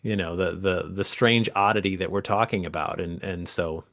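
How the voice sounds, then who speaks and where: Lively New storyteller, low voice. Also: male voice, moderate pace. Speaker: guest author. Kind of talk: casual interview chat.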